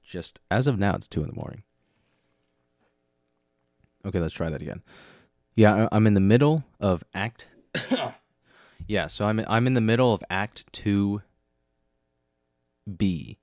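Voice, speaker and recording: A man's voice: on the low side, expressive, a little slow, pauses often, a little mellow, dry recording, clean studio sound. A man hosting a podcast, talking alone in a rambling, self-mocking way and sounding tired. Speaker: podcast host. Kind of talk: casual solo monologue.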